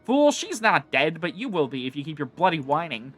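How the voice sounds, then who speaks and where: Man doing a gruff blunt mercenary, rough-spoken. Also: on the high side, sing-song, fairly quick, a bit bright, soft background music.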